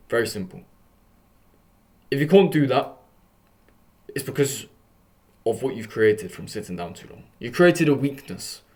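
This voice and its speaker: A young man hosting a self-improvement vlog, coaching viewers through posture exercises in a casual, energetic way. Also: medium pitch.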